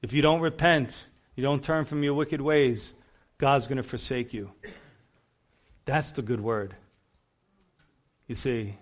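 A man preaching a conversational sermon, reading scripture aloud with rising emphasis between plain talk. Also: fairly high pitch. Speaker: pastor.

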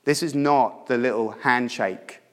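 A man delivers a sermon in a mid-pitched voice, pressing his points with emphatic storytelling. He swings from loud, urgent lines to hushed, intimate ones. His voice rings out with the long reverb of a church hall. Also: a little slow. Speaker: preacher.

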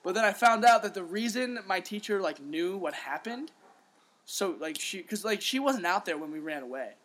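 A young man co-hosting a podcast, telling a story in casual chat, animated, swearing freely and acting out what people said. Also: high-pitched, moderate pace. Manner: animated, swears freely, acts out quotes, laughs often. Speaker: podcast co-host.

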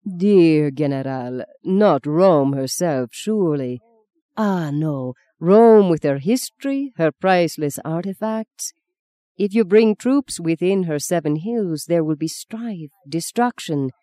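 Smooth, courteous cardinal, read by an audiobook narrator, mellow and close-miked. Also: medium pitch, lively intonation, slow, no echo. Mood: pleading. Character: suave older Italian male cardinal.

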